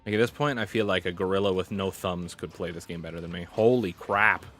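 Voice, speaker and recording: A male gaming streamer with a low voice talks quickly in a fairly even tone, faint music playing behind him. Sweating in the heat, he gives frustrated live commentary on his gameplay, muttering to himself, swearing, and running himself down in an exasperated, self-deprecating way.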